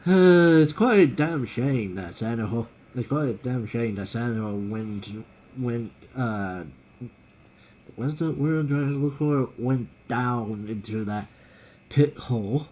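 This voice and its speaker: A man co-hosting a casual podcast chat, halting and often searching for his words. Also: mid-range voice, lively intonation, a little mellow, a little hiss or hum. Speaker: podcast co-host.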